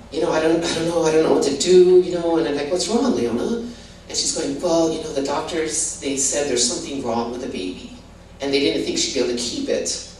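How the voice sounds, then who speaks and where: An older woman from Hawaii, telling her testimony in a rambling, casual way full of "you know" and restarts. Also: deep voice. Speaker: guest giving a testimony. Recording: roomy, distant mic with faint background noise.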